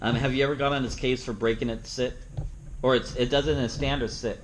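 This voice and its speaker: Guy teaching dog training out on a field, mid-pitched voice, chatty, slips into the dog's voice for a line. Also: fairly even intonation, quick pace, slight background noise, poor audio. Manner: plain-spoken, acts out the dog's thoughts in playful asides. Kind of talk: seminar teaching with live demonstration.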